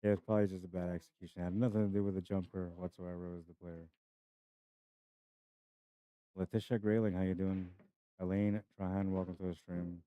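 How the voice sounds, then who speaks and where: A young man with a deep, low voice hosts a casual pool live-stream, chatty and laughing easily as he greets viewers by name. The sound is dry and close, with a slightly dull, muffled stream quality. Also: flat delivery, brisk, pauses often, warm tone, smooth, no echo.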